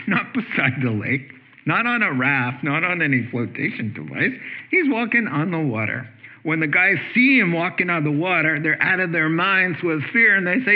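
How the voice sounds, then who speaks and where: A man pastor preaching a sermon in a conversational way, asking rhetorical questions. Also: mid-range voice. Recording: tinny phone-like sermon audio.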